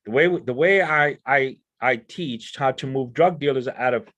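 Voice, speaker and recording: A man with a medium-pitched, slightly bright voice speaks at normal speed on a discussion panel about crime prevention. He explains his ideas earnestly, often repeating words as he builds each point.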